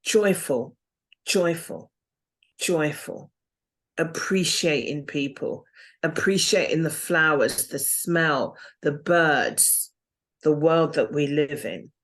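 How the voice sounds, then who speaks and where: A woman's voice: deep voice, slow pace, a bit bright. A woman guest telling her own story in an interview, earnest and reflective. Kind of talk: interview testimony.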